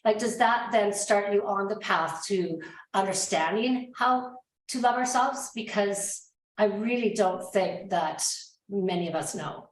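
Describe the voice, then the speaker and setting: A woman's voice: medium pitch, a little slow. A woman hosting an interview, thoughtful and searching for her words as she talks. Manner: thoughtful, rambling with restarts. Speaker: podcast host. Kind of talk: conversational interview. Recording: roomy echo.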